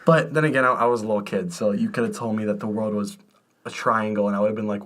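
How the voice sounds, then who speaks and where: A young man co-hosting a podcast, telling childhood stories in casual chat with laughs and excited jumps in his voice. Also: fast. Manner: animated storytelling, laughing, pitch jumps when excited. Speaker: podcast co-host. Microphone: podcast microphone.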